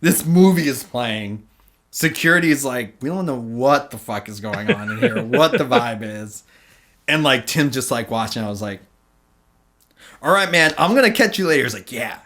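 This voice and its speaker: A man's voice: mid-range voice, lively intonation, moderate pace, fairly bright tone. A man hosting a podcast, telling a long casual story full of fillers and acted-out quotes. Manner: rambling, many fillers, acts out quotes. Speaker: podcast host.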